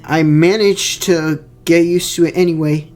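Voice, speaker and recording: A man's voice: fairly high pitch, fairly even intonation, measured pace, a little mellow, faint music behind. A young man giving casual director's commentary on his fan film, rambling with many fillers and repeated words.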